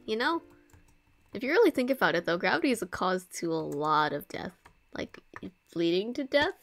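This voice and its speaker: A woman's voice: mid-range voice, fairly bright tone. A woman streaming a game, chatting in a playful, giggly, mock-dramatic way. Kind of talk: casual gaming stream chat.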